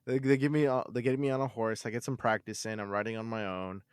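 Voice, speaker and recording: A man on a podcast, telling a story from his childhood in an animated, swearing style with lots of repeated words. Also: medium pitch, fast talker, smooth, dry recording, studio quality. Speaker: podcast host. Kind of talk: casual storytelling.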